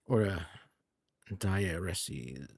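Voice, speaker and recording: Low, husky man rambling on stream. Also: animated, drawn-out words, no echo. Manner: rambling, musing aloud, self-correcting. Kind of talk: casual gameplay streaming. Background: faint game music.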